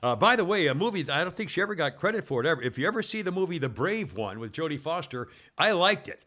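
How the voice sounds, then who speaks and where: A man's voice: fairly high pitch, sing-song, fast, bright, forceful tone. A man hosting a talk radio show, reading this-day-in-history items in a rambling way, full of uhs and restarts.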